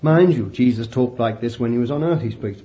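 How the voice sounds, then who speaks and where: A man preaching a sermon, animated and laughing often as he calls his listeners beloved. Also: mid-range voice, fairly quick, lo-fi sound.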